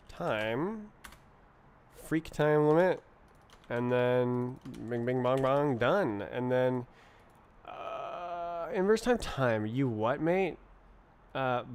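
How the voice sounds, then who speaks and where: Coding on a live stream, this man murmurs his thoughts to himself and sprinkles in silly made-up words. He has a smooth, medium-pitched voice.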